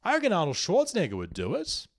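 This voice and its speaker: A young man hosting a comedy podcast, riffing through a satirical monologue with rambling restarts and sudden loud bursts of emphasis. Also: high voice, wildly swooping pitch, fast talker.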